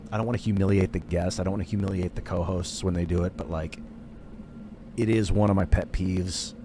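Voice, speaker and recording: Rambling low-voiced male game streamer. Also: slight background noise. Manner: rambling, filler-heavy, says "like" a lot. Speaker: gaming streamer. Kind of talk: casual chat while streaming a game.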